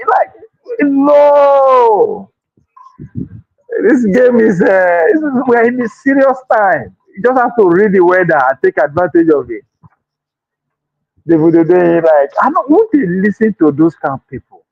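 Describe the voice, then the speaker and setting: A man with a Nigerian accent giving excitable political commentary, laughing and exclaiming often and slipping into pidgin. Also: high-pitched, moderate pace, no room sound, muffled recording. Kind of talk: animated political chat.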